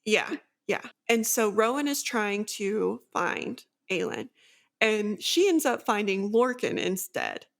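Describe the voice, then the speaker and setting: A woman's voice: mid-range voice, slow, creaky. A woman co-hosting a book chat, retelling a fantasy plot in a long, eager run of events. She leans on "like" and "so" as she goes, in an easy and unscripted way. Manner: animated plot recap, many "like" fillers. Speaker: book podcast co-host. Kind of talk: casual book discussion.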